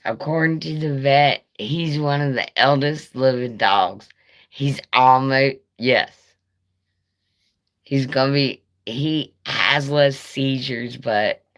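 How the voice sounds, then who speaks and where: Very deep-voiced woman, slow and rambling. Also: fairly bright tone. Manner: rambling, profane, laughing asides. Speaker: live streamer. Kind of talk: casual live-stream storytelling.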